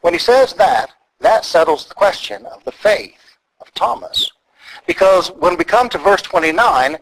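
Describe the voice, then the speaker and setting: A man preaching an expository sermon, deliberate and emphatic as he walks through the text. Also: fairly high pitch, a bit bright, rough recording. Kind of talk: sermon teaching.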